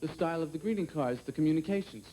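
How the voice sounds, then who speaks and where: Man, stand-up comic, wry observational delivery, mellow voice, some noise behind. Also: a little high, animated, very fast, low-quality recording. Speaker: comedian. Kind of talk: stand-up comedy.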